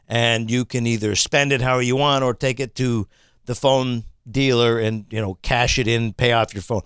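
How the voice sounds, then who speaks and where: A man in an exasperated, swearing rant with lots of stammered restarts. His voice sits a bit high and swings widely up and down. The sound is dry and close, with no room behind it. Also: a bit bright, no room sound. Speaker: vlogger reviewing a phone. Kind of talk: casual ranting monologue.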